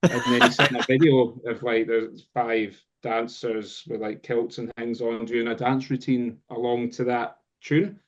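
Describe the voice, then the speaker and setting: A Scottish man, a guest drum teacher, telling a long story in casual chat, rambling with many pauses and fillers. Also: mid-range voice, flat delivery. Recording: dull lo-fi sound.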